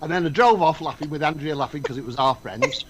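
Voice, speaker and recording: A man's voice: a little high, quick pace, a little hiss or hum, low-quality recording. A man co-hosting a casual radio chat, telling anecdotes and often laughing as he talks. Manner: storytelling, laughs through his words.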